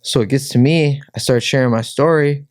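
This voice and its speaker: A man's voice: mid-range voice, brisk, no echo, studio quality. A man from Minnesota, a pro fighter, telling his personal story as a guest, full of "like" fillers and acted-out quotes. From Minnesota, USA. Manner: heavy "like" fillers, acts out quotes.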